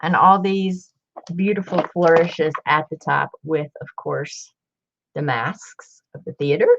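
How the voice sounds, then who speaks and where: Slow-talking woman showing her books on a live stream. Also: sits low, flat delivery, creaky, fairly bright tone, dull audio. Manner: chatty and rambling, greets viewers by name. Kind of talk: casual live-stream book show-and-tell.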